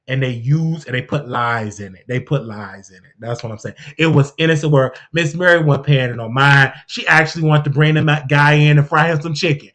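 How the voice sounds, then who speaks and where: A commentary host talking on a live stream, emphatic and repetitive, with big swings in pitch and loudness.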